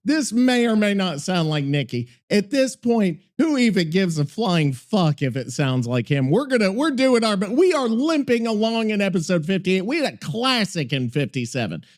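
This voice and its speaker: A man's voice: high voice, big pitch swings, normal speed, few pauses. A man hosting a podcast in loose, profane, rambling chat, often exasperated and yelping. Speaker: podcast host. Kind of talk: casual chat.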